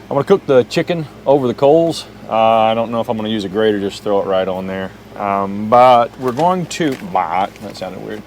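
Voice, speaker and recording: In and around his truck at a campsite, a middle-aged Oklahoma camping vlogger rambles casually and talks to his dog. His voice is on the low side and animated, at normal speed with few pauses, and faint bug noise can be heard.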